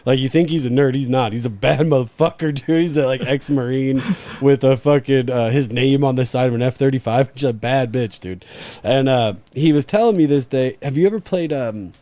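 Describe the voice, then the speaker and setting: A man on a live podcast spins a long story in a loose, profane, lively way. His voice sits at an ordinary pitch and sounds dry and close, with no room echo. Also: brisk. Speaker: podcast co-host. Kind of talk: casual live podcast chat.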